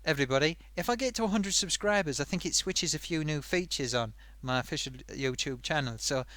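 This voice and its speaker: A man's voice: fairly high pitch, brisk, a bit bright, no echo, natural voice. A man voicing a chatty talking sock puppet who hosts a live stream. He rambles, reads out viewer comments and hums to himself while he reads.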